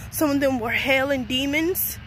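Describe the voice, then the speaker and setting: Young woman, high-pitched, college vlogger, rambling, venting, casual. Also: normal speed, fairly bright tone, faint music behind. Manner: venting and rambling, many "like" fillers. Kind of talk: casual vlog talk to camera.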